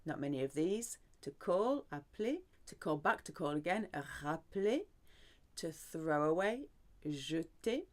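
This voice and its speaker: A woman teaching verbs in a lively, sing-song lesson, repeating each word as she goes. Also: low voice, measured pace. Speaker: French teacher. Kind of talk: language lesson.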